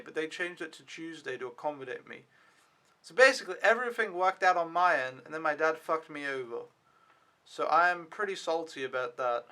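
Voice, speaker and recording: A man's voice: fairly high pitch, bright, forceful tone. A young man recapping his week as an au pair in a casual, rambling vlog, swearing now and then when annoyed. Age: young adult. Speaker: au pair vlogger.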